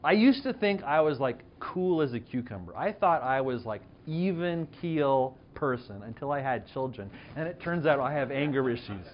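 This pastor, a man in his thirties, has an expressive mid-range voice and a moderate pace with few pauses. Preaching a conversational, self-deprecating sermon, he shares a personal story and asks the audience questions. The audio has its highs cut off and slight background noise.

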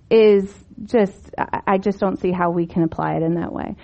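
A woman's voice: medium pitch, animated, moderate pace, few pauses, lo-fi sound. Woman teaching the Bible conversationally. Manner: conversational, with rhetorical questions and emphatic rises.

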